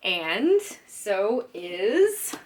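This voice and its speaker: A woman book vlogger chatting casually to camera, giggly and gushing with fan excitement. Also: mid-range voice, drawn-out words, slight background noise.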